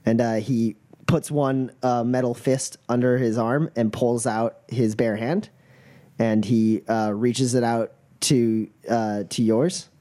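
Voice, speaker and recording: Slow, hesitant male game master. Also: medium pitch, steady tone, warm tone. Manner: hesitant, full of "uh" and "like". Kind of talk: narrating a tabletop game.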